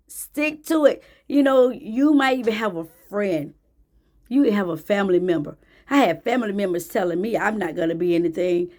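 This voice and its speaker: A woman's voice: medium pitch, expressive, moderate pace, darkish tone. A woman giving a faith-based motivational talk to camera, emphatic and preachy, repeating phrases for emphasis. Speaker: motivational speaker.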